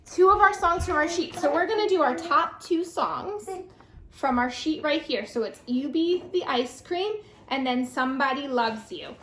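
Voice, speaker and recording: A young adult woman, a children's librarian, reading a picture book aloud and leading lap-bounce songs in a sing-song, animated storytime voice. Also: sits high, moderate pace. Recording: echoey room with faint noise.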